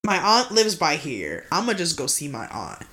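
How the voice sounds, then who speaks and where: A woman's voice: deep voice, wildly swooping pitch, normal speed, sharp tone, slight background noise. A woman co-hosting a podcast, telling a story in casual slang and swearing constantly. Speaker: podcast co-host.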